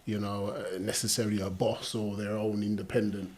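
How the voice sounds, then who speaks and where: A man, a guest in a casual panel discussion, talking in a measured, earnest way full of "you know". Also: lowish voice, little pitch movement, a little mellow. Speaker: guest on a talk show.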